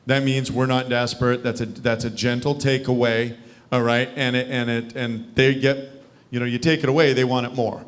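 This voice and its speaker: A man's voice: medium pitch, little pitch movement, normal speed. A man leading a sales training over a video call, coaching and quizzing his listeners. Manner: coaching, asks the group questions. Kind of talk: live training session.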